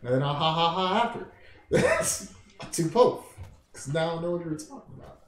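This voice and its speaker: A man's voice: fairly high pitch, huge pitch swings, normal speed, a little mellow, echoey room, rough recording. A man hosting a casual gaming stream, talking in a profane, rambling way and laughing with a friend.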